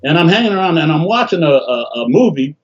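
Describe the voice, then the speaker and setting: An older man from Detroit telling animated stories in a casual interview over a video call, often acting out what people said. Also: fairly high pitch, quick pace. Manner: animated, laughing storyteller, acts out quotes. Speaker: interview guest, bassist. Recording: dull lo-fi call audio.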